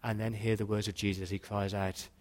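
A man preaching a sermon in a church, earnest, slowing into quiet dramatic pauses. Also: lowish voice, level tone. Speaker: pastor.

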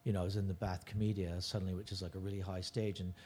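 A man's voice: low-pitched, little pitch movement, rapid-fire, darkish tone, a little hiss or hum. A middle-aged man, a touring stand-up comedian, chatting casually as a podcast guest and rambling with restarts and self-corrections.

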